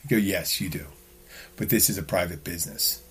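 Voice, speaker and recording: Blunt, rambling man, low voice. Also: brisk, fairly bright tone, slight background noise. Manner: rambling, blunt, profane, with frequent restarts. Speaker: podcast host. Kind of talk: casual solo monologue.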